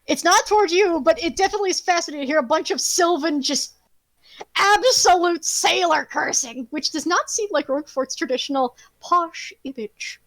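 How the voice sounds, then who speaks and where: High-voiced animated woman running a game. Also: a little fast, few pauses, dry recording. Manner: animated, laughing, swears freely. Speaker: game master narrating a tabletop game. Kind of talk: casual tabletop narration.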